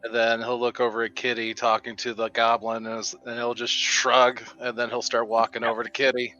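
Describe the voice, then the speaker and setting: A man's voice: mid-range voice, monotone, brisk, pushed and bright, lo-fi sound, faint music behind. A man playing a tabletop game, easygoing and politely formal in character. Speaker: player. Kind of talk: in-character play and narration.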